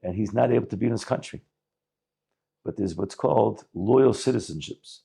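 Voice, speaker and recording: A rabbi giving a talk, telling a story in animated English sprinkled with Yiddish words and frequent restarts. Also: male voice, lowish voice, normal speed, gravelly, breathy edge.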